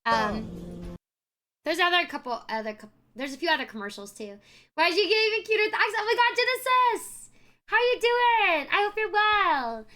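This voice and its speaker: A woman's voice: high voice, bright, forceful tone. A young woman streaming live, chatting casually and effusively thanking viewers by name. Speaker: variety streamer.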